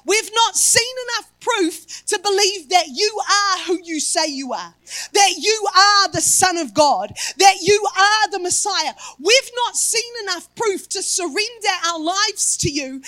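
A woman with a very high voice preaches a sermon, firing rhetorical questions and breaking into shouts for emphasis. The sound is close and dry, with no room around it. She drops to a softer, slower tone when she reads scripture. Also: dry recording.

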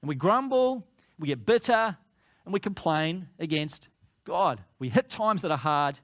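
A man's voice: on the high side, lively intonation, unhurried, fairly bright tone. A pastor preaching a conversational sermon, rising and pressing when he voices complaints.

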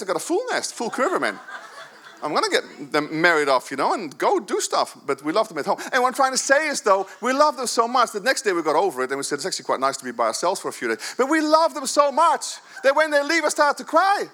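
Animated pastor preaching, lively voice. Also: male voice, very high-pitched, fast talker. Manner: animated, jokey, swings from loud to soft. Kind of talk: sermon. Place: church service.

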